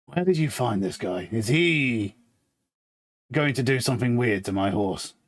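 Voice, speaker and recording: A man's voice: mid-range voice, expressive, measured pace. A man voicing a suspicious male horse owner in a tabletop game, asking short, dry, wary questions.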